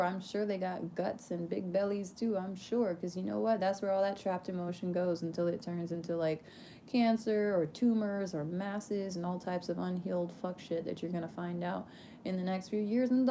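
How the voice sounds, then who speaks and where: Gravelly-voiced woman, emphatic and preachy. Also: mid-range voice, warm tone, slight background noise. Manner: emphatic and preachy, laughs often, swears, casual slang. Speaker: performer speaking to her audience. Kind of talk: candid casual monologue.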